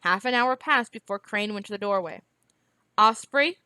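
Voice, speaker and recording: A woman reading a novel aloud in a steady, even storytelling manner. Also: medium pitch, a little fast, clean tone, no echo. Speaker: reader.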